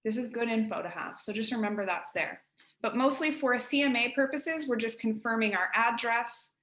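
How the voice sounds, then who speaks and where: A woman's voice: a little high, brisk, fairly bright tone, reverberant. Chatty East Coast Canadian woman teaching. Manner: chatty, direct, addresses listeners as guys. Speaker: real estate agent teaching colleagues. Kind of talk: casual software tutorial.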